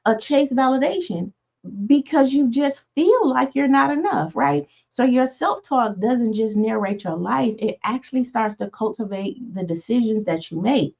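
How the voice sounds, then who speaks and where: A woman in her forties giving a self-help talk as host, in a soft tone, conversational and full of fillers and asides. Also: a little high, lively intonation, normal speed, creaky, lo-fi sound. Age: 40s. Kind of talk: motivational teaching talk.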